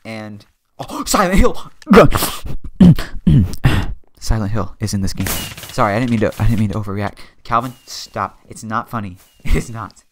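A man's voice: lowish voice, fairly even intonation, moderate pace, slight background noise. Joking young man narrating his game.

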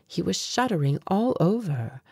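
Woman, audiobook narration, dark mellow tone, low pitch, reflective, measured. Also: very animated, creaky, breathy edge, no room sound, clean studio sound. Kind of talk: scripted first-person narration.

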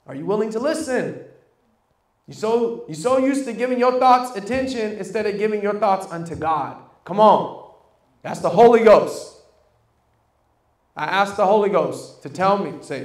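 A preacher with a high, bright male voice, calling questions out to his congregation. The sound rings around an echoey church room. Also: expressive, measured pace, pauses often. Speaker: pastor. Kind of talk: sermon.

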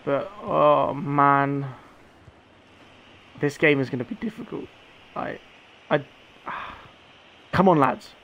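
Excitable young man commenting gameplay. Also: medium pitch, slow, gravelly, long pauses. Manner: excitable, shouts at players, swears. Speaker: gaming streamer.

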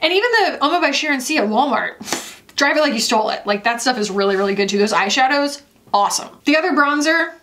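A woman's voice: high-pitched, expressive, quick pace, a bit bright, slight background noise. A woman, a beauty vlogger chatting emphatically through a casual product review. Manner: chatty and emphatic, lots of "like" and "y'all".

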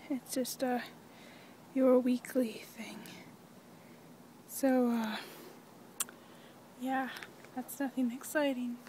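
A teenage girl chatting casually in a rambling, giggly daily vlog, talking softly while walking outdoors in a quiet neighborhood. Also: high-pitched, fairly even intonation, drawn-out words, pauses often, slight background noise. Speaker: vlogger.

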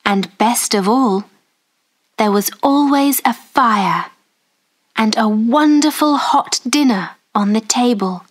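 A woman narrating a children's story slowly and carefully for English learners. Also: a little high. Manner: slow, careful, clearly spoken.

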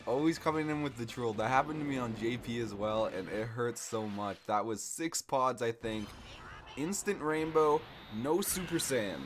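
A young man commenting on his mobile game summons, hyped and shouting when rare cards drop, a little out of breath. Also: mid-range voice, normal speed, faint music behind. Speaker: gaming YouTuber. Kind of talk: excited gacha summon commentary.

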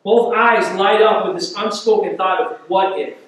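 A man's voice: high-pitched, moderate pace, fairly bright tone. A man preaching a sermon as pastor, retelling a scripture story vividly and repeating words as he builds intensity. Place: church. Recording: echoey church hall, mic at a distance.

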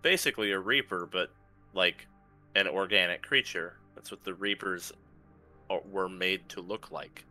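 Man, game master, low bright voice, relaxed matter-of-fact narration, faint music. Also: a little slow.

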